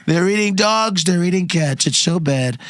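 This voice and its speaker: A man's voice: high voice, animated, moderate pace, a bit bright, dry recording, voice pushed up. A man doing a blustering old politician impression. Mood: ranting. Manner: rambling, repetitive, exaggerated. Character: brash blustering older male politician, rambling.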